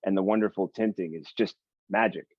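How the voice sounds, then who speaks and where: A man hosting an interview, talking casually with halting restarts and praise for the guest's work. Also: low voice, steady tone, dry recording. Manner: warm, complimentary, halting restarts. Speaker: podcast host. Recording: dull dry lo-fi sound.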